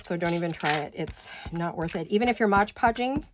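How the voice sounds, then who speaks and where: A woman's voice: on the low side, fairly quick, noisy background. A tired, slightly breathless woman chatting casually through a home craft tutorial, rambling and losing her words. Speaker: craft vlogger.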